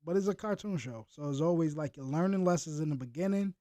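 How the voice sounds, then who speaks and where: Brief: high-voiced streamer guy, talks with viewers in loose slang, very animated. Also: fast, no echo. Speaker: reaction streamer. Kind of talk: casual reaction chat.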